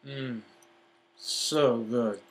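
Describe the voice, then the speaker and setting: A man chats slowly and happily through an eating vlog, with a slightly husky voice. He talks with his mouth full and keeps breaking into mm sounds of enjoyment. His pitch sits in the middle for a man. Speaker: vlogger.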